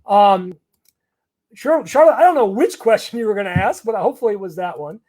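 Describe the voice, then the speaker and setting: A lawyer speaks in a high voice as he answers viewer questions in a live session. He is blunt and conversational, full of ums and false starts. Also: animated, brisk, darkish tone. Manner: blunt, conversational, many fillers and restarts. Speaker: immigration lawyer.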